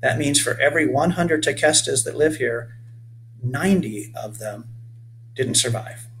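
Friendly boat captain giving history, mid-pitch, read by a man. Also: animated, unhurried, a bit bright, a little hiss or hum. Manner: explaining, storytelling.

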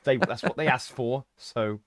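A man hosting a casual interview chat, who talks in an excited, laughing way. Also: mid-range voice, measured pace, dry recording, clean studio sound. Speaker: host.

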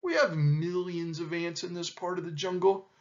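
A man's voice: high-pitched, sing-song, moderate pace, vocal fry, dull audio, pitched above the performer's own voice, full character voice. A man voicing a cheerful, sly male hornbill bird in a storybook reading.

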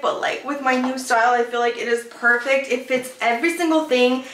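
A woman vlogger chatting casually to her viewers in an excitable, chatty way, swearing now and then. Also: sits high, a little fast. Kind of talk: casual haul vlog chat. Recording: echoey room with faint background noise.

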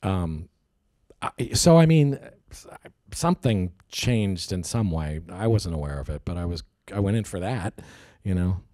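Low, mellow man telling stories. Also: animated, unhurried, no room sound, studio quality. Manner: hesitant, restarts, acts out quoted voices animatedly. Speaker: actor interviewee. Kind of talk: casual interview storytelling.

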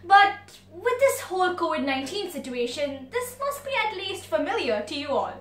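A woman's voice: extremely high pitch, sing-song, moderate pace, a bit bright, roomy sound, recorded from a distance, a little hiss or hum. A young woman from India whose first language is Malayalam, hosting a language channel with playful, theatrical tour-guide patter. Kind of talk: playful scripted presenting.

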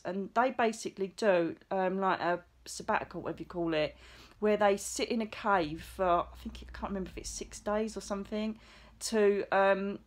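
A middle-aged woman telling a personal story in a chatty, excitable way, acting out the lines she quotes. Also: medium pitch. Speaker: psychic medium vlogger. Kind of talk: casual storytelling monologue.

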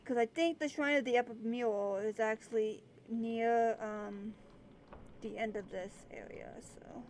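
A woman with a fairly high voice talks her way through a game in easy, chatty commentary. She keeps up a running stream of remarks and now and then calls out to the characters on screen. A faint hiss sits under her voice. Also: fairly even intonation, unhurried, a little mellow. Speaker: let's play gamer. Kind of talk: casual gameplay commentary.

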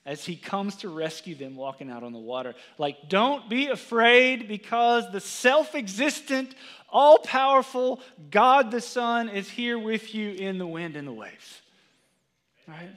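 A man preaching a sermon in a conversational way, often asking "right?" and "okay?", and going quiet when he quotes scripture. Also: high voice. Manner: drops to a hushed tone for quoted scripture. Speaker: pastor. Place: church sanctuary. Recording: long reverb of a church sanctuary.

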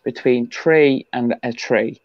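A woman with a Dublin accent chatting casually, telling a quick story to a friend. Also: very deep voice, dry recording, dull audio. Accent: Dublin Irish. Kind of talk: casual chat.

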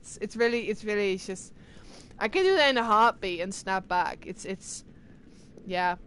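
A woman streamer chatting casually with her live viewers, excitable and talkative as she answers chat. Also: medium pitch, moderate pace, clean tone. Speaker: game streamer.

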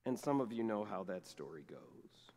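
A middle-aged male pastor preaching a sermon, telling a personal story in a lively way and acting out the dialogue. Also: on the low side, normal speed. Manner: animated storytelling, acts out quoted dialogue. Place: large church sanctuary. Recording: long reverb of a church sanctuary.

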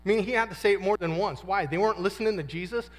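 A man's voice: sits high, rapid-fire. A man in his fifties giving a casual, slangy testimony talk at a men's conference, acting out quotes as he tells his story. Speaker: guest speaker at a men's conference. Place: conference hall. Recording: long reverb of a large hall.

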